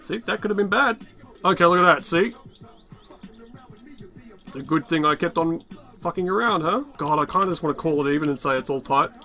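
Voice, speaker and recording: A man with a raspy, tired-sounding voice talks his way through a game in loose, rambling commentary, swearing and mumbling to himself as he goes. His voice sits a little high for a man, with faint music playing underneath. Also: a little fast, long pauses, sharp tone. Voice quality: raspy, worn-out voice. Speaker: gaming channel host. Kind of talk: casual gameplay commentary.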